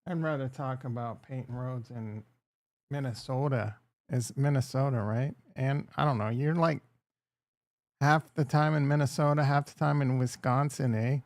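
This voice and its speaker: A man's voice: mid-range voice, fairly even intonation, normal speed, a little mellow, no echo. A man hosting a casual livestream, rambling and crude as he jokes with his chat. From Upper Midwest. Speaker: livestream host.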